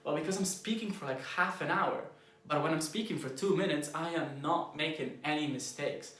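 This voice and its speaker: A man from Croatia, a native Croatian speaker with a learned American accent, coaching copywriters in a blunt, informal talk, going softer and slower to stress key points. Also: fairly high pitch, roomy sound. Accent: American, learned as a second language. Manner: shifts loudness and speed for emphasis, drops soft and slow on key points. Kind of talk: casual instructional talk to camera.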